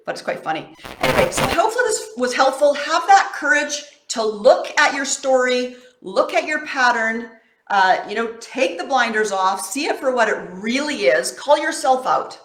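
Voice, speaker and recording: A woman's voice: on the high side, fairly bright tone, echoey room. A woman coach giving a casual motivational talk to camera in an encouraging, affectionate, conversational way.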